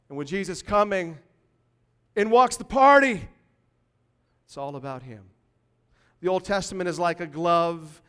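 A man pastor delivering a sermon in a lively, conversational way, punctuated by sudden emphatic bursts. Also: a little high, clear, resonant tone, in a large hall.

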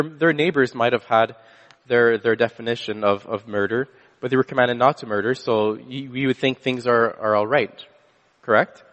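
A man preaches in a relaxed, chatty way, catching himself and restarting his sentences as he goes. His voice sits at an ordinary middle pitch. The sound rings with the long reverb of a large hall. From Canada. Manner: casual storytelling with frequent restarts and self-corrections. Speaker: pastor. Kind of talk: conversational sermon with a personal story.

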